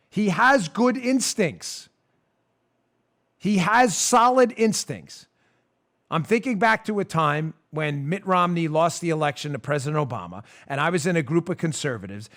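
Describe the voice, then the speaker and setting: A man with a fairly high speaking voice hosts a political talk show. He is animated and emphatic, hammering home his points and breaking into laughter. He talks straight to his listeners and now and then turns to his producer. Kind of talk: opinionated monologue.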